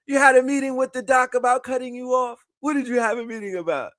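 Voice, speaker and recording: A man's voice: very high-pitched, steady tone, fast talker, a bit bright, no echo, clean studio sound. A man giving loose, mocking reaction commentary on a clip. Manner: mocking, loose, laughing asides.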